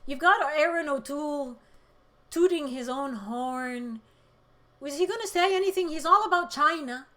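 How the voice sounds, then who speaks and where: A woman hosting a political livestream, reading chat comments and speaking with emotion, close to tears, shifting between loud outbursts and quiet moments. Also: high-pitched, moderate pace. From Middle East.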